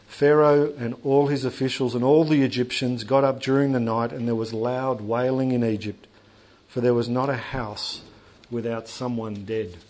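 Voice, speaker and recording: A man preaches a sermon in a church hall, his delivery animated and conversational, with asides and jokes aimed at the congregation. He speaks at medium pitch and normal speed.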